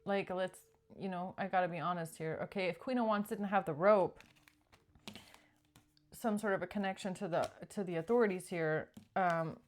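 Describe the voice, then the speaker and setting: A woman's voice: on the low side, normal speed. A woman doing a casual tarot reading, chatty and acting out pleading quotes along the way. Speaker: tarot reader.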